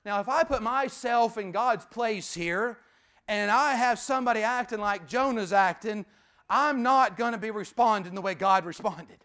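A man preaching a sermon as pastor, emphatic, repeating key phrases and sometimes dropping to a hushed voice. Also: high-pitched, moderate pace, smooth.

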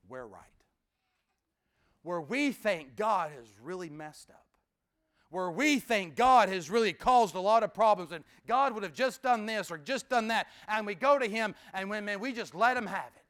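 A man preaching a sermon in a folksy, conversational way, swinging from loud emphatic bursts to hushed near-whispers. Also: high voice, expressive, unhurried. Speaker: pastor.

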